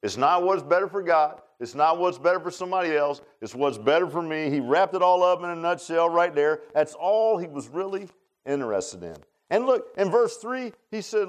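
A man preaching a sermon, folksy and animated, swinging from loud emphatic lines to low quiet ones. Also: moderate pace.

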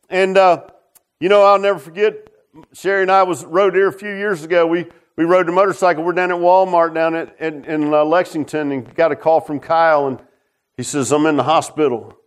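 Delivering a folksy sermon of personal testimony, this middle-aged Virginian keeps saying "man" and "huh?". His voice alternates between booming preaching and quiet, low murmurs.

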